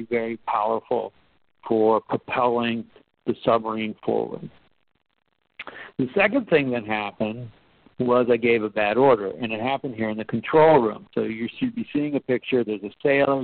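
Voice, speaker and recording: A man giving a storytelling talk about leadership, conversational and animated, acting out quotes. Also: no room sound. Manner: animated, acts out quotes with rising pitch; conversational, with fillers and restarts. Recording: tinny phone-like, dry.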